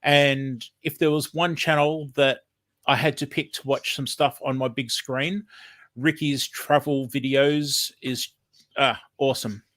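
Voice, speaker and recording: A man's voice: medium pitch, fairly even intonation, measured pace, a bit bright. An Australian man hosting a casual livestream, chatting in a rambling, friendly way with lots of ums, a bit sniffly from hay fever. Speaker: livestream host.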